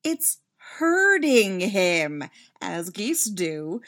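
Lively slow-reading woman narrator. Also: on the high side. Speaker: fanfiction reader. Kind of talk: story narration.

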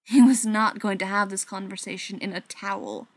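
Soft-spoken woman reading a story. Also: medium pitch, fairly even intonation, moderate pace, dry recording. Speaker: narrator.

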